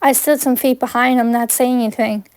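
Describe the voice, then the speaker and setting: A woman reading her own fan fiction aloud in first person, plain and earnest. Her voice sits a bit high. The sound is dry and close, with no room echo. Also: fairly even intonation, fairly quick, clear, resonant tone.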